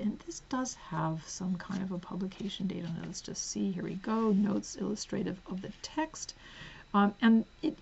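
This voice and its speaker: Woman host, casual haul vlog, gravelly edge, giggly asides, slightly muffled home recording. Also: mid-range voice. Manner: chatty, giggly, drifts into soft whispers while reading spines. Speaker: book vlogger.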